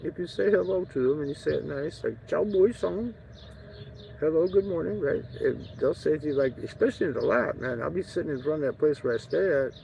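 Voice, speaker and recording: A man's voice: on the high side, quick pace, vocal fry, few pauses, a little mellow. A man talking in a casual, rambling travel vlog, joking and swearing freely as he goes. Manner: profane, joking, digressive. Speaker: travel vlogger. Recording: dull lo-fi audio with faint outdoor noise.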